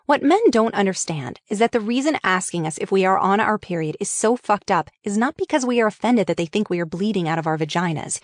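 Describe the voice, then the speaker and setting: A woman reads her own memoir aloud in a frank, wry voice, swearing freely. Her pitch sits in the middle range. The recording is dry and close, with no room sound. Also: lively intonation, a little fast, few pauses, dry recording. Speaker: author reading her memoir. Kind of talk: audiobook memoir narration.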